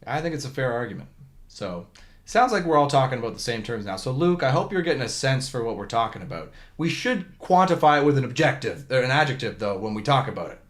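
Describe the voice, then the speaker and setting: A man's voice: mid-range voice, sing-song, fast. A man hosting a volleyball talk podcast in casual chat, joking and rambling with frequent restarts. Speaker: podcast host.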